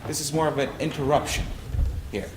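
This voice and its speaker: A man's voice: fairly high pitch, very animated, normal speed, very noisy. A man conducting an orchestra rehearsal, giving notes and singing rhythms aloud to show the phrasing. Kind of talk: rehearsal instruction. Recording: roomy hall sound, faint music.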